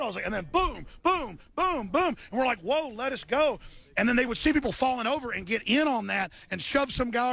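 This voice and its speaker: Man, radio host, agitated, emphatic, repetitive, high gravelly voice. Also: a bit bright, no room sound. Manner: emphatic, repeats words, restarts often. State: worked up after a scuffle. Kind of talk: agitated live radio recounting. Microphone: studio radio mic.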